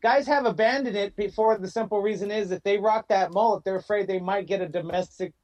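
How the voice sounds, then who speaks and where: A man's voice: high-pitched, fairly quick, darkish tone. A man hosting a podcast, chatting casually, joking and teasing his guests. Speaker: podcast host. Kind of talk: casual chat.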